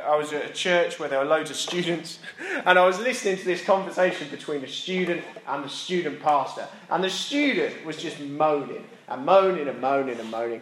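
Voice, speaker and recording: A man's voice: on the high side, fairly bright tone, echoey room, slight background noise. A British man preaching a sermon in a church, conversational, with asides and self-mocking laughs. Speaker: pastor.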